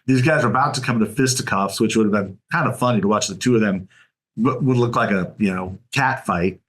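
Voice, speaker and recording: A man's voice: lowish voice, brisk. A man co-hosting a political podcast, telling stories with relish in casual chat. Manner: lively storyteller, retells events with relish. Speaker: podcast co-host.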